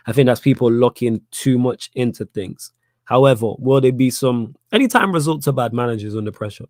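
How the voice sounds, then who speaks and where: Hosting a live fan Q&A stream, this young Manchester man speaks with a local accent in a medium-pitched, darkish voice with no room sound. The fan channel host is blunt, repeats himself, and gets heated while arguing.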